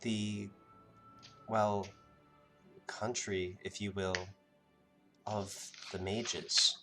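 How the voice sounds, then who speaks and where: A man narrating as game master of a tabletop game, halting and restarting as he goes. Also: on the low side, flat delivery, bright, forceful tone, faint music behind.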